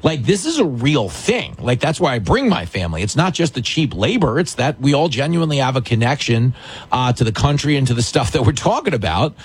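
A middle-aged male radio host chats casually with a caller. He jokes at his own expense, his pitch swings lively, and his voice has a slightly husky edge. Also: brisk. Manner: chatty, jokey, self-deprecating. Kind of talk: casual call-in radio chat.

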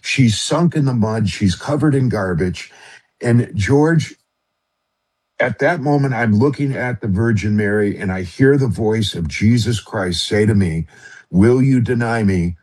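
A middle-aged man with a husky, somewhat low voice recounts a personal story to a radio host. He speaks earnestly and haltingly, pausing on fillers and restarting his sentences. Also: a little mellow. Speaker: radio show guest.

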